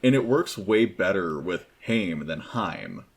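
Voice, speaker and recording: A young man with a very deep, low-pitched voice talks casually about a game. He hesitates often and leans on filler words as he explains at length. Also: expressive, slow, husky. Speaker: game discussion panelist. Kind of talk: casual chat.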